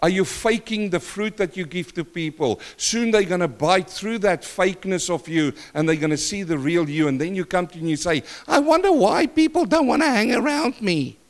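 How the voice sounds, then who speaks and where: Older pastor preaching. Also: male voice, high-pitched, brisk, hardly any pauses. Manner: asks the congregation questions, shifts between loud and soft. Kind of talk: sermon. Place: church.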